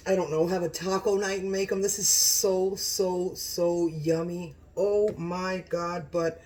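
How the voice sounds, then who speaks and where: Excitable woman hosting a cooking vlog. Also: fairly low pitch, a little slow, few pauses, slight background noise. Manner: gushing, excitable, repeats exclamations. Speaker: cooking channel host.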